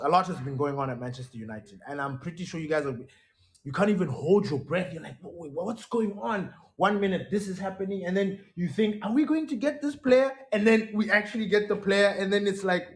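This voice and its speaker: A young man hosts a casual solo podcast, his voice sitting a touch high for a man. He talks with animated emphasis and repeats words to drive each point home. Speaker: podcast host.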